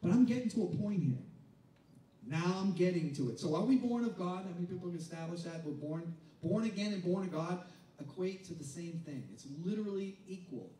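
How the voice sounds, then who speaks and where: A high-pitched male pastor preaching in a conversational style, who plays out the voices of reluctant churchgoers before building to loud, emphatic peaks. He sounds far from the mic in a reverberant room, with a faint hum of ambience behind him. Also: expressive, fairly quick. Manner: conversational preaching, acting out doubters' voices, building to shouted climaxes. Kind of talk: sermon. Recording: echoey room picked up from a distance, faint ambience.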